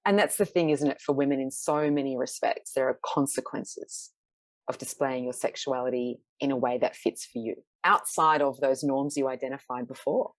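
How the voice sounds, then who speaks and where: Low-voiced woman, dry and close. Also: steady tone, moderate pace, dry recording. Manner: candid, reflective, laughs often. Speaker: podcast guest, researcher and photographer. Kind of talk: casual conversational interview.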